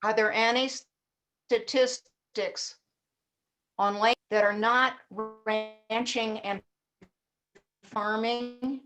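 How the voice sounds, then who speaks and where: A woman's voice: on the high side, fairly even intonation, very slow, long pauses, a bit bright, faint music behind. A woman speaking in an online meeting over a video call, hesitant, checking her connection.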